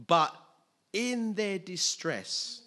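A man preaching a sermon in an animated way, acting out scenes with sudden loud outbursts. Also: sits high, extremely slow.

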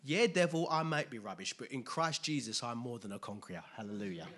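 A man preaching a sermon in a conversational way, dropping to quiet asides and rising to loud emphatic bursts. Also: mid-range voice, lively intonation, fairly quick.

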